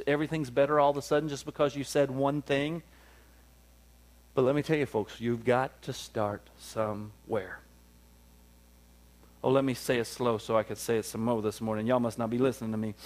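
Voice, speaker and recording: Man, pastor, sermon, loud peaks and hushed drops, call-and-response. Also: mid-range voice.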